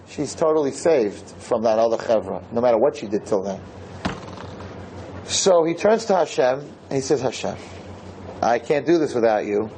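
A man lecturing on Torah, telling a story in an animated way and circling back over his own phrases for emphasis. His voice is mellow and dark, with a faint hiss of room noise behind him. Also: fairly high pitch, rough recording. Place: lecture hall with listeners.

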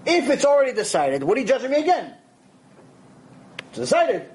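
Guy teaching a torah class, pretty high voice, lively and chatty, bit of faint noise behind. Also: fairly quick. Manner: animated, conversational, acts out quoted voices. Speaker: rabbi. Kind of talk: Torah lecture.

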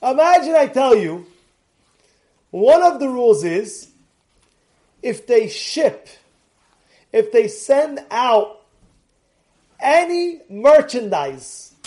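An excitable man with a strikingly high voice, teaching a Torah lesson. He restarts and repeats phrases and keeps bursting into shouts to drive his point home. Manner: excitable, often breaks into shouting.

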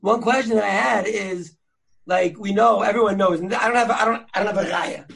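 High, gravelly-voiced man teaching casually. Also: a little fast, a bit bright. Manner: chatty, slangy, full of fillers and restarts. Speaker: podcast host teaching Torah sources. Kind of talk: casual learning chat.

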